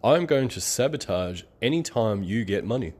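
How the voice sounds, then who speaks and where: A man's voice: lowish voice, animated, normal speed, darkish tone. A man playing his own breezy scheming subconscious. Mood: chummy scheming. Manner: casual, chummy, sarcastically helpful.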